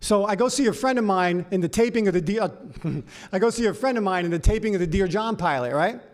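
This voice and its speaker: A man from Los Angeles telling his life story at a recovery meeting, animated and profane. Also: sits high, fast talker. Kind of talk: personal story talk.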